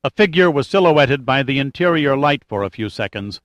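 A man reading an adventure novel aloud in steady, even scripted narration. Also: mid-range voice, moderate pace, no echo. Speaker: audiobook narrator.

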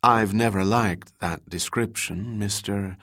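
A man's voice: lowish voice, steady tone, slow pace, no echo, studio quality, exaggerated voice. Man reading a poised gracious woman. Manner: soft, gracious.

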